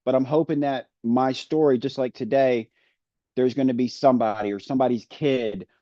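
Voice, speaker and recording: A man's voice: mid-range voice, steady tone, moderate pace, dark tone, no room sound, lo-fi sound. A man answering as a summit guest on a video call, talking casually and hesitantly with many fillers. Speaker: guest speaker.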